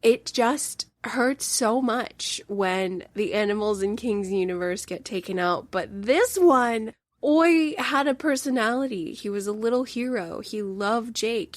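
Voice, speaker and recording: A woman hosting a book review podcast, talking in an earnest, deeply emotional way into a close mic. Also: no room sound. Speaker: podcast host.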